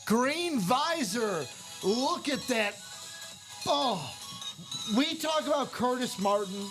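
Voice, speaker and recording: A high-voiced man with a hoarse, strained throat, hosting a live card break. He talks in an unhurried, upbeat way and hypes each card as it comes. Music plays behind him. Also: lively intonation. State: losing his voice. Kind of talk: excited live-stream chat.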